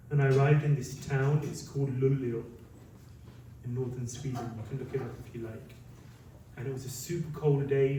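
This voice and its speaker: A man, a monk, telling lively stories in a talk and acting out what people said. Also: mid-range voice, slight background noise. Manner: lively anecdotal storytelling, acts out quotes. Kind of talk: storytelling talk. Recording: very echoey hall, mic at a distance.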